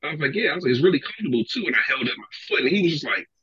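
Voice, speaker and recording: A man, a podcast guest, telling animated stories in casual talk, acting out other people's lines and swearing freely. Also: fairly high pitch, racing, highs cut off, over a noisy crowd. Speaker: podcast guest, sneaker collector. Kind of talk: casual storytelling.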